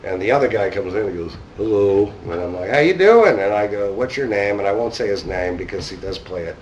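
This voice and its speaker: A man's voice: deep voice, steady tone, fairly quick, darkish tone, slight background noise. New man telling a rambling story. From New York. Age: 50s. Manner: rambling, casual, acts out quoted dialogue. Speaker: conference speaker. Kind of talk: anecdotal storytelling talk. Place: conference hall. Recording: distant mic in a hall.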